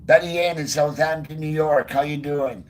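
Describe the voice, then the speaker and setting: A man's voice: fairly high pitch, fairly even intonation, normal speed, slight background noise. Man live-streaming outdoors in the cold. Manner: greets viewers by name one after another; soft baby talk to his dog. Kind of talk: casual live-stream chat. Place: outdoors in freezing cold by a river.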